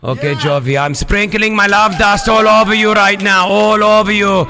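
A man's voice: sits high, normal speed, long reverb tail, pitched above the performer's own voice. A man voicing a mysterious male love guru with an Eastern European accent who gives solemn, odd advice on a radio show. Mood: soothing.

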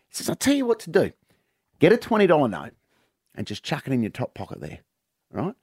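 A man's voice: fairly high pitch, huge pitch swings, fast talker, long pauses, darkish tone, breathy edge, dry recording. An Australian man, a comedian guest in a radio studio, chatting and telling a joke with big character voices.

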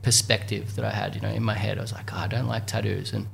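A man's voice: on the low side, level tone, fast, creaky, fairly bright tone. A man guest answering interview questions in a laid-back, hesitant way, with faint background noise. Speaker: guest, tattoo artist.

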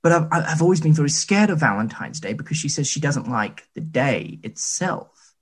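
A man in his late twenties talks in a husky, slightly rough voice. His pitch swings in a lively way as he rambles through casual, self-deprecating anecdotes. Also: moderate pace. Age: late 20s. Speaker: podcast co-host. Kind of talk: casual chat.

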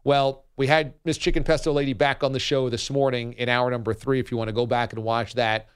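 A man hosting a sports radio show, telling stories in a lively, chatty way. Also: medium pitch, brisk, clean tone. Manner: animated, laughing, storytelling.

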